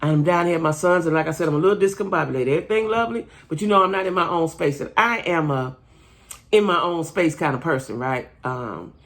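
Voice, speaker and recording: A woman's voice: low-pitched, fast talker, a bit bright. A middle-aged woman hosting her own channel, chatting in a rambling way straight to her viewers about reality TV. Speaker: channel host. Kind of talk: casual reality TV commentary. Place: staying at her son's home.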